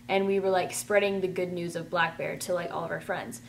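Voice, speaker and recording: A woman telling a rambling, chatty storytime, full of "like" and excited gushing. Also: lowish voice, quick pace, hardly any pauses, slight background noise. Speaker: vlogger. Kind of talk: casual storytime.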